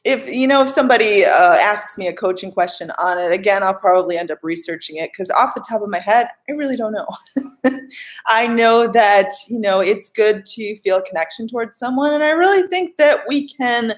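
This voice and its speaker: A woman's voice: mid-range voice, brisk. A young adult woman, a life coach, chatting casually on a live stream as she answers viewer questions.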